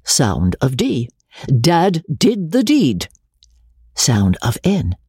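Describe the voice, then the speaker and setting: A woman voicing a fussy, exacting theatrical elocution teacher with husky, drawn-out enunciation. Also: extremely low pitch, huge pitch swings, warm tone, no room sound, studio quality, full character voice. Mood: drilling. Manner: drilling, exaggerated enunciation. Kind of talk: audiobook reading.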